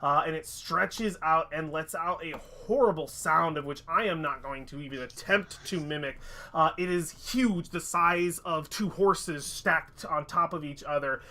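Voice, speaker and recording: Game master, male, bright and a bit high, halting descriptive narration. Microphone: headset or desk mic on a stream.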